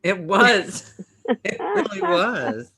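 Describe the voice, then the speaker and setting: A woman's voice: fairly high pitch, huge pitch swings, extremely slow, a crowd in the background. A woman co-hosting a podcast, chatting casually and reacting with short laughs and questions. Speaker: podcast co-host. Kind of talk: casual chat.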